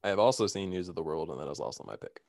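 A man with a somewhat low voice hosts a relaxed chat, reading lists of nominees and breaking into laughter now and then. His delivery is easygoing, and the recording sounds dry and close. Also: rapid-fire, creaky, no room sound. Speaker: podcast host. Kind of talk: casual chat.

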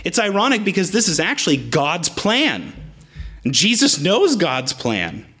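A man's voice: high-pitched, huge pitch swings, unhurried, bright, forceful tone, breathy edge. A man preaching a sermon, explaining the Greek words in the text as he teaches.

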